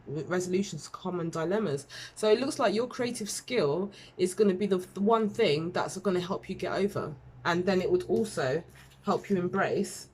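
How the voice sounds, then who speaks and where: A woman's voice: mid-range voice, slightly rough. Chatty woman doing a tarot reading. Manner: chatty, rambling, self-deprecating, with fillers and laughs. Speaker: tarot reader. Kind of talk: casual tarot reading to camera.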